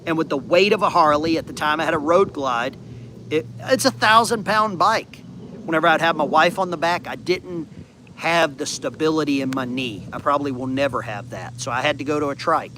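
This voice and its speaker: A man in his fifties with a bright, forceful voice talks casually from his backyard, rambling from one viewer comment to the next. A faint hum of background noise sits under his voice outdoors. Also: fairly high pitch, lively intonation, brisk. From United States. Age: 50s. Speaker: channel host.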